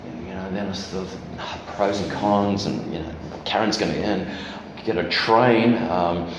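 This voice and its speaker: A man's voice: low-pitched, normal speed, slight background noise. A man giving a candid testimony as guest preacher at a church, telling a personal story with self-deprecating humor. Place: church hall. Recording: echoey church hall.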